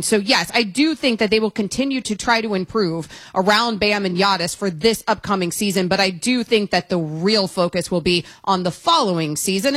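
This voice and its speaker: A middle-aged woman breaking down basketball as a guest analyst. She talks fast and with strong opinions, and throws in jokes. Her voice is dry and close to the mic, with no room sound. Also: mid-range voice, a bit bright, no room sound. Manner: quick, opinionated, joking. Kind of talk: casual sports talk.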